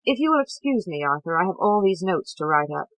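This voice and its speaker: A woman's voice: fairly low pitch, very animated, a little fast, no room sound, poor audio. A woman reading a weary older male doctor who is politely dismissive. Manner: tired, courteous.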